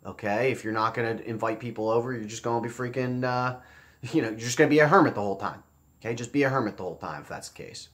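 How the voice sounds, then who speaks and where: Male commentator, mid-pitched, blunt sarcastic rant with swearing and repeated lines. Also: quick pace, a bit bright. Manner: blunt, profane, sarcastic ranting; repeats phrases for emphasis. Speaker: political commentator. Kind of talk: casual commentary vlog.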